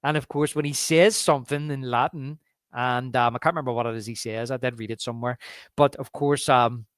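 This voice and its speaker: A man's voice: medium pitch, fairly even intonation, brisk, fairly bright tone, smooth, no echo. A man co-hosting a podcast, chatting casually and eagerly about a film scene by scene and quoting its lines. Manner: enthusiastic, quotes lines from the film. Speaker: podcast co-host. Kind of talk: casual movie review chat.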